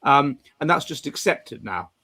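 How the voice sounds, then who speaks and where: Male host, higher voice, rambling, many restarts. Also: big pitch swings, unhurried, pushed and bright. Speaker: podcast host. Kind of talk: casual panel chat. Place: home studio on video stream.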